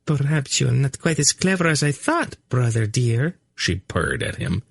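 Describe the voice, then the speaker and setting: A man's voice: fairly high pitch, very animated, unhurried, creaky, husky, no echo, clean studio sound, pitched above the performer's own voice, heavily acted. A man reading an audiobook voices a prim, teasing young noblewoman in a raised, arch voice. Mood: coy arch.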